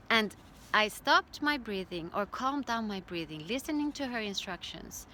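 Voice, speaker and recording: Bright-voiced woman telling a personal story. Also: on the high side, moderate pace, slight background noise. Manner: calm, reflective storytelling with acted-out quotes. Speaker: birth educator.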